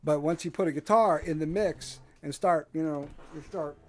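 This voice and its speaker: A slightly high-voiced man talks at a normal speed into a desk microphone while hosting a casual solo livestream from his home porch. Rambling and self-deprecating, he leans on many fillers, and his accent is Delaware County Philadelphia.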